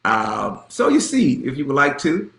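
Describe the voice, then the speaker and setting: Animated pastor man in his fifties. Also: mid-range voice, measured pace, gravelly, roomy sound. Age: 50s. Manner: animated, repeats himself, folksy. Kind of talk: casual church announcement.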